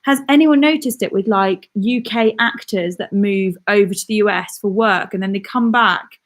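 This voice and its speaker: A woman's voice: medium pitch, normal speed. A young woman from England chatting casually on a live stream as a vlogger, bubbly and reading viewer comments aloud.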